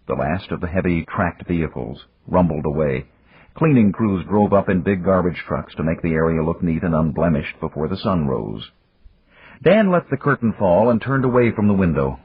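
A male audiobook narrator reads in a measured, dramatic style with a very deep, husky voice. His pitch moves a lot as he tells the story. The recording is dry and somewhat dull. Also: no room sound. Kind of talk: scripted narration.

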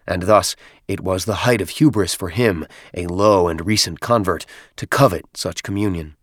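A man reading an audiobook in steady, measured scripted narration. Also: sits low, no echo, studio quality.

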